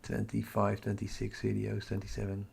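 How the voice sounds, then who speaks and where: A man's voice: fairly low pitch, completely flat delivery, moderate pace, vocal fry, a little mellow, slightly rough. A man with a Dutch accent, hosting a casual livestream, chatting with viewers and muttering to himself as he works. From Netherlands. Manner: chatty, muttering to himself while tracking captures. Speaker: astrophotography livestream host. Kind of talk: casual live-stream chat reading comments.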